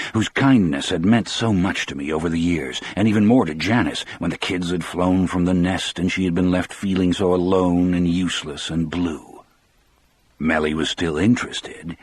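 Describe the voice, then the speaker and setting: Deep, husky male audiobook narrator. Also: no echo. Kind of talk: scripted narration.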